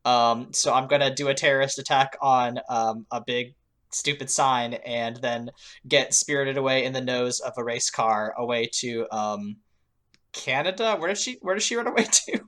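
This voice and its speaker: A woman's voice: rumbling low, moderate pace, fairly bright tone. A woman co-hosting a podcast, chatting casually with frequent laughs and filler words. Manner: laughing often, lots of fillers. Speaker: podcast co-host. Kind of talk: casual chat.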